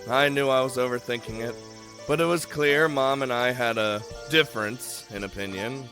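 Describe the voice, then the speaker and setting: A man reading a game's young protagonist aloud as he plays, in a brisk, plain voice. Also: medium pitch, sharp tone, faint music behind. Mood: troubled. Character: young protagonist brooding over a talk with Mom.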